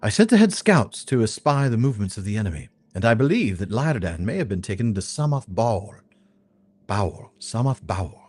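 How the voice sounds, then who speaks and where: A man's voice: lowish voice, sing-song, normal speed, a little mellow, husky. A man voicing a grave male quest-giver in a fantasy game, reading the quest text aloud in a solemn, archaic manner.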